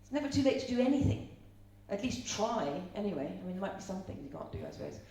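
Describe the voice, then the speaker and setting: This middle-aged Irish woman's pitch swoops wildly around a medium center; she talks fast in a dark tone. Giving a live seminar, she chats, tells stories and asks the audience questions. There's a faint hum and roomy echo, and she's far from the mic.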